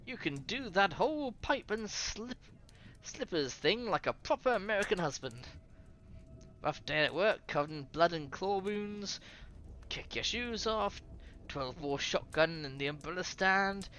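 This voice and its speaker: A woman's voice: medium pitch, sharp tone, slight background noise. A reader doing a cheeky London woman. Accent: put-on London. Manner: teasing, affectionate.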